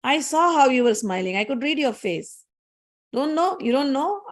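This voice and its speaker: Goddess of knowledge, calm turned angry, scolding her husband, as a woman storyteller puts her on. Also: sits high, normal speed. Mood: reproachful. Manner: reproachful, accusing.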